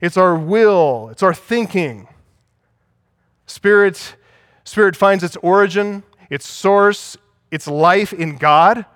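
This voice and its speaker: A man's voice: high-pitched, animated, slow, fairly bright tone, dry recording, clean studio sound. A man preaching a sermon as pastor, teaching and asking the congregation for agreement.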